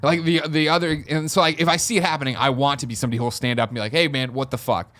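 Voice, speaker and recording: A man's voice: a little high, little pitch movement, very fast, a bit bright. A man hosting a podcast, telling a story in casual chat and acting out the people he quotes. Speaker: podcast host. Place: podcast studio.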